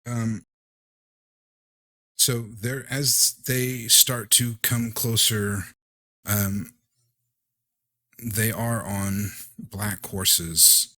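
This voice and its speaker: Deep-voiced guy running a tabletop horror game, slow, lots of ums, dry close sound. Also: dry recording. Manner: relaxed, halting narration with many fillers. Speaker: game master.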